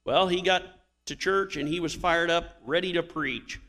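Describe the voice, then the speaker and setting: Man preaching a sermon in a church, slightly high voice, big echo tail. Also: normal speed, fairly bright tone. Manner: storytelling preacher with emphatic swells. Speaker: pastor.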